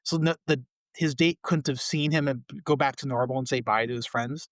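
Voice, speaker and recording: A man co-hosting a podcast, casually recapping a sitcom episode with a relaxed, chatty delivery. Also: medium pitch, a little fast, dry recording, clean studio sound. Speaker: podcast co-host.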